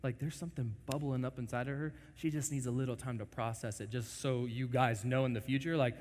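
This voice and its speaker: A man in his twenties preaching a lively, joking sermon to a congregation, often acting out quoted voices. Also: medium pitch, brisk. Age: 20s. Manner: animated, jokey, acts out quoted voices. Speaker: pastor. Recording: long reverb of a large hall.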